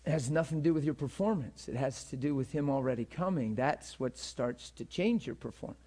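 A man's voice: medium pitch, fairly quick, dark tone. A man teaching a class in a sermon style, conversational and often checking in with his listeners, repeating words as he builds a point.

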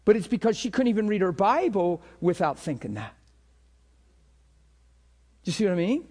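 High-voiced animated male pastor. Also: normal speed, slightly rough. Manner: animated, acts out imagined thoughts in a hushed voice; laughs between points. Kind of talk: conversational sermon.

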